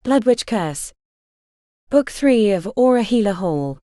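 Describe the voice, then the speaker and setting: Dark-toned expressive woman narrator. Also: medium pitch, takes it slowly, no room sound, studio quality. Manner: expressive storytelling. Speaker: audiobook narrator. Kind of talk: scripted narration.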